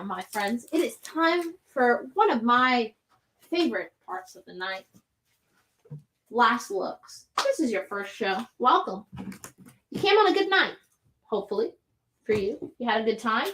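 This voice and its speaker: A woman hosting a live comic book sales show, running through items and prices in a brisk, chatty way from a comic shop. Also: fairly high pitch, noisy background. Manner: brisk, chatty item rundown.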